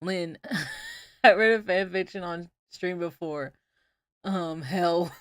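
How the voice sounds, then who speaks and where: A woman's voice: on the low side, slow, a bit bright, dry recording, studio quality. A woman streamer chatting playfully through a game, laughing at herself and joking between lines of dialogue. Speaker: VTuber streamer. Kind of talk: casual let's-play commentary with read-aloud dialogue.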